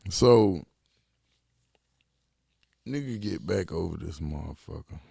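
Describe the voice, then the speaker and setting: Deep gravelly guy telling a funny story, laughs a lot, dry close sound. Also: takes it slowly, dry recording. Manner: animated, laughs often, swears freely, quotes friends in raised voice. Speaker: podcast co-host. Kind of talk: casual storytelling chat.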